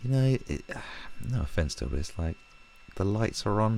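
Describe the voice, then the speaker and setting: A man's voice: fairly low pitch, very animated, fairly quick, gravelly, few pauses, a little mellow, a little hiss or hum. A man giving casual video commentary as an online host, sarcastic and rambling, with swearing along the way.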